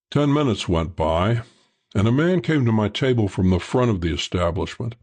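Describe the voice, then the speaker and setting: A male audiobook narrator giving a dry, measured first-person telling of a hardboiled crime story. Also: lowish voice, a little mellow.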